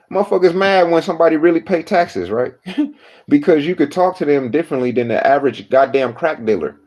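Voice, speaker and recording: A man's voice: fairly high pitch, a little mellow. A man casually recounting a jail story, blunt and swearing constantly, with faint music behind.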